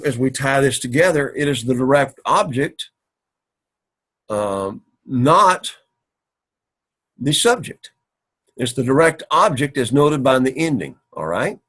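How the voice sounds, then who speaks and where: A man giving a recorded classroom lecture as a Greek teacher, explaining slowly and repeating points methodically. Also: mid-range voice, fairly bright tone, slightly rough.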